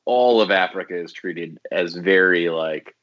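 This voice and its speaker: A man's voice: low-pitched, measured pace, fairly bright tone, lo-fi sound. A man co-hosting a podcast, talking about a movie in casual chat, emphatic and opinionated, with some swearing. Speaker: podcast co-host.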